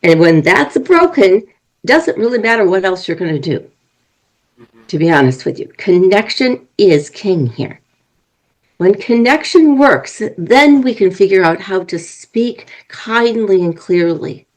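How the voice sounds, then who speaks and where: A woman's voice: medium pitch, very animated, a little slow, poor audio. A woman speaking as a guest on an interview podcast, explaining in an earnest way and working through examples. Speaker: marriage and family coach.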